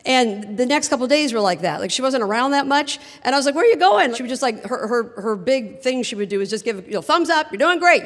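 A woman telling a personal story on stage in an animated, humorous way, often laughing as she talks. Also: mid-range voice. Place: theater stage before a live audience. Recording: long theater reverb.

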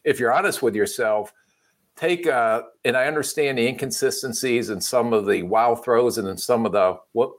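A man's voice: mid-range voice, moderate pace. A man on a sports podcast panel, joking around and rambling through his quarterback take. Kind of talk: casual sports analysis.

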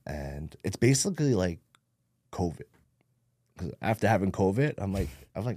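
Deep-voiced streetwise Jersey man. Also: animated, normal speed, a little mellow, dry recording, studio quality. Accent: New Jersey. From New Jersey. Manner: streetwise, blunt, swears a lot, acts out quotes. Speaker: podcast guest. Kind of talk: casual storytelling interview.

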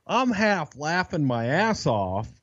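A man's voice: fairly high pitch, big pitch swings, slow pace, a bit bright, muffled recording. A man co-hosting a podcast, telling a backstage story in a rambling, profane way with lots of restarts. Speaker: podcast co-host. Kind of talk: casual storytelling chat.

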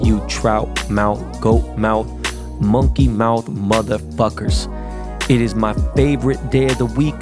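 A man hosting his podcast in a casual monologue, profane and emphatic, his voice rising high when he gets worked up. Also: fairly even intonation, takes it slowly, music in the background. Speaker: podcast host. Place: Los Angeles studio.

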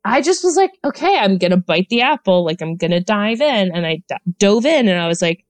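Thirties woman guest, animated and giggly, pitch swinging all over, dry close mic. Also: a little fast, dry recording. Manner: animated, laughing, many fillers. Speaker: podcast guest. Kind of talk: casual chat.

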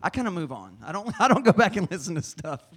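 A man's voice: sits high, sing-song, fast talker, a bit bright, husky. A man, a guest musician, teasing his friends in casual chat.

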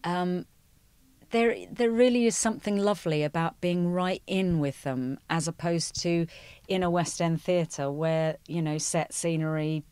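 Chatty low-voiced woman, middle-aged. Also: unhurried, darkish tone, smooth, no room sound. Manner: chatty storyteller, many "you know"s. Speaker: musical theatre performer, guest. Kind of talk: conversational interview.

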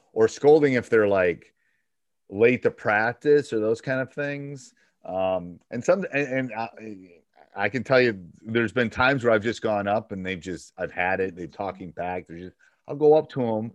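A man's voice: medium pitch, no echo, highs cut off. A man, a basketball coach and podcast host, giving coaching advice on a one-on-one call and acting out back-and-forth dialogue as he talks.

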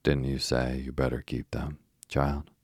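A man voicing a kindly, practical mother in a storybook reading, in a gentle, matter-of-fact way. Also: very deep voice, level tone, unhurried, slightly rough, dry recording, clean studio sound, full character voice.

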